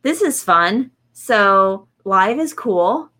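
A woman co-hosting a live podcast in a relaxed, casual way. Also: mid-range voice, extremely slow. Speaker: podcast co-host.

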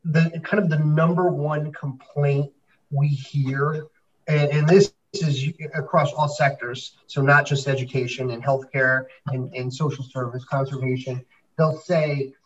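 A man's voice: mid-range voice, a bit bright, recorded from a distance, lo-fi sound. A man hosting a conversation about fundraising, asking questions and affirming his guests. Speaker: host and fundraising consultant. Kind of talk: podcast conversation.

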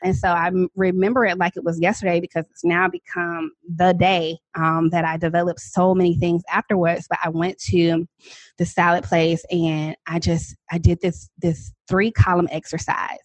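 A woman in her thirties, a podcast guest, telling a personal story in a lively, dramatic, casual way with frequent laughs. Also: lowish voice, moderate pace, dry recording. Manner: animated, self-described dramatic talker with frequent laughs.

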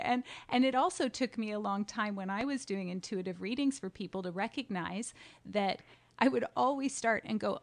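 A woman podcast host asking questions with curiosity and telling stories in a lively way. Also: mid-range voice, normal speed, gravelly. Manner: curious, animated storyteller, laughs easily. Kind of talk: conversational interview.

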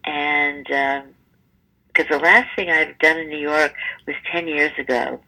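A woman in her seventies, a stage performer interviewed as a guest, telling stories in a lively conversational way and acting out the people in them. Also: deep voice, a little slow, poor audio. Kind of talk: conversational storytelling.

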